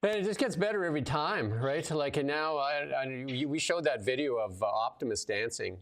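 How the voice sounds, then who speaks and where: With a fairly high pitch and a fairly quick pace, this man hosts a casual livestream. A show host and commentator, he chats loosely and tells lively stories, leaning on lots of fillers.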